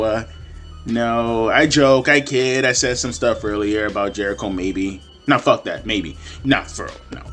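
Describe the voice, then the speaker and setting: A man's voice: mid-range voice, a bit bright. A young man ranting in a wrestling commentary vlog, profane and repetitive, slipping into mocking voices. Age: young adult.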